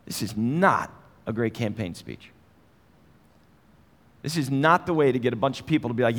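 A man's voice: mid-range voice, lively intonation, normal speed, long pauses, a bit bright, long reverb tail. A man preaching a sermon in a conversational way, asking his listeners direct questions. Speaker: pastor.

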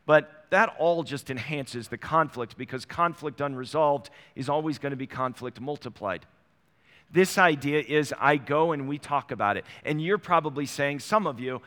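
A middle-aged male pastor gives a conversational sermon, slipping into little acted-out exchanges. His voice is bright and forceful and sits a touch high. It carries into a church sanctuary with a long, lingering reverb. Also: normal speed. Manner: conversational, acts out little dialogues.

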